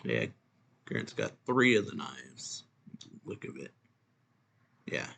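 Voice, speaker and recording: Man, manga reviewer, bright tone, casual recap that reads out the dialogue. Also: very deep voice, sing-song, takes it slowly, gravelly, a little hiss or hum. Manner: reads character lines aloud in a lightly raised voice, with restarts and chuckles.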